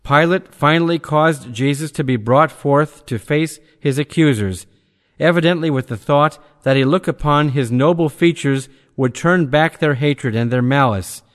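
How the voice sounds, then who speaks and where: A man reading theological prose aloud in a measured, deliberate manner, slowing down for scripture citations. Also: on the high side. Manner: measured, deliberate delivery that slows to cite scripture references. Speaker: reader of a religious text. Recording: long hall reverb.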